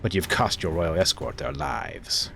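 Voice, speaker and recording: A man's voice: sits low, big pitch swings, measured pace, creaky, music in the background, heavily acted. A male streamer voicing a proud young noblewoman who betrays her friend, reading her lines aloud in a raised voice. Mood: cold. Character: proud young noblewoman turned traitor, cold.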